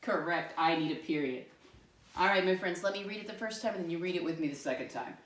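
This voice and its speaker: A fast-talking woman with a voice on the low side leads a lesson for young children, asking questions in a patient, sing-song way. Echo fills the room, and the mic is distant.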